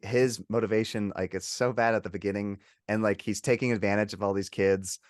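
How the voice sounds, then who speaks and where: A man co-hosting a casual film chat, talking in a relaxed, reflective way. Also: on the low side, fairly quick, no room sound, studio quality. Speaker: podcast co-host.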